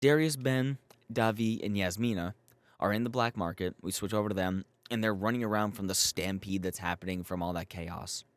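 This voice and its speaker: A man with a lowish voice talks through a show's episode in a loose, rambling way. He swears freely and leans on "like" as a filler. The sound is dry and close. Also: moderate pace, no room sound. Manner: profane, rambling, full of "like" fillers. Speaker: YouTube show reviewer. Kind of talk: casual episode recap.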